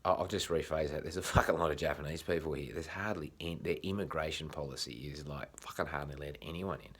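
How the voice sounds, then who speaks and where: Australian male vlogger, deep voice, loose off-the-cuff monologue, salty language, halting delivery. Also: slightly rough. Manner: frequent swearing, halting restarts. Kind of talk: casual rambling monologue.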